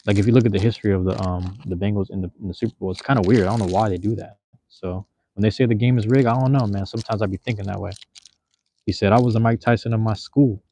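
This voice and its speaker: A man's voice: fairly low pitch, fairly even intonation, quick pace, dark tone, slight background noise. A man from Seattle hosting a casual livestream, talking loosely with viewers in slangy, profane chatter. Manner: loose, slangy, drops profanity, addresses chat. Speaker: livestream host.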